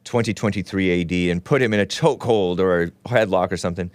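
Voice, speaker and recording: A man's voice: sits low, quick pace, no room sound. A man hosting a casual call-in talk show, rambling and sarcastic, reading news aloud with his own running commentary and stumbling over names.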